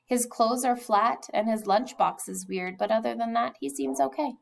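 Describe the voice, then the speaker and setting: On a rough recording, a woman with a highish, gravelly voice reads a children's novel at normal speed. She tells it expressively and sometimes goes down to a whisper.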